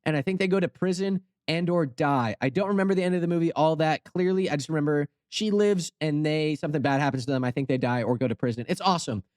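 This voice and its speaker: A young male host with a high, light voice tells a story in a goofy, rambling way, full of sarcastic asides. He is recorded on a close mic in a dry space with no room echo. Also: fast talker, hardly any pauses, a little mellow. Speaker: channel host. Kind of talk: comedic storytelling commentary.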